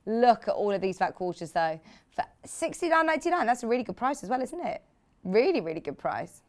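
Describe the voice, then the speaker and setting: A woman presenting products on live shopping television, chatty and enthusiastic, joking with the crew between sales pitches. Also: sing-song, a little fast.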